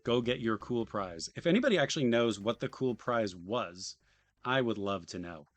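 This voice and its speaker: A man's voice: on the low side, expressive, normal speed, no echo, faint music behind. A man reading a video game manual aloud on a live stream, switching between playful mock-enthusiasm and dry, muttered side comments. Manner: reads in a mock-enthusiastic voice, then drops to dry muttered asides.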